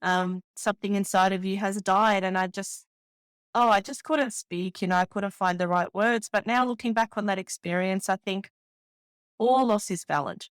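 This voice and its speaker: A woman's voice: medium pitch, normal speed, clear, resonant tone, dry recording. A woman from the Balkans in her thirties, a podcast host speaking candidly and from the heart in a personal monologue, with lots of "you know". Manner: heartfelt, candid, many fillers.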